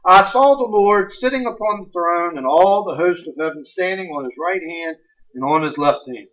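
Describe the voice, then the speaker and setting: A man preaching a sermon, animated and folksy, reading scripture aloud with sudden bursts of emphasis. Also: high-pitched, moderate pace. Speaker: pastor. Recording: distant, muffled livestream audio.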